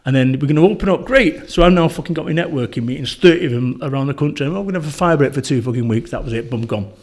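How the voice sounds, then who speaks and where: A middle-aged man with a Northern English accent, a podcast guest telling stories in a blunt, swearing, animated way. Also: a little high, very fast. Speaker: podcast guest, motivational speaker. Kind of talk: casual conversational interview.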